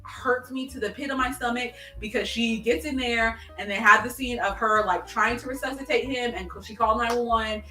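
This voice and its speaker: A woman hosting a casual chat show, telling a long story in an animated way with many fillers and restarts. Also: fairly high pitch, fairly quick, few pauses. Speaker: podcast host. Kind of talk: casual chat, recapping a TV episode. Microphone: video call stream. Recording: echoey room, distant mic, faint music.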